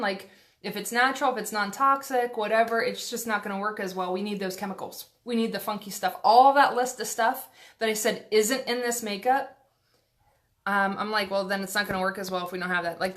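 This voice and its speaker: With a fairly high, fairly bright voice, a woman talks through a casual makeup tutorial filmed on her phone camera at home. She rambles, leans on fillers and is self-deprecating.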